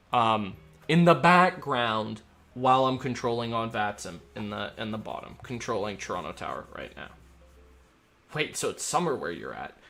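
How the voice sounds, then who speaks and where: Joking young man with lively pitch. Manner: joking, rambling, reads chat aloud. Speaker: streamer. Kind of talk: casual live-stream chat while gaming.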